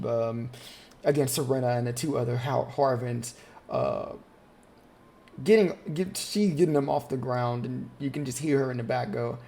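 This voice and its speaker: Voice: medium pitch, dark tone. A game master casually narrating a tabletop roleplaying scene with plenty of fillers.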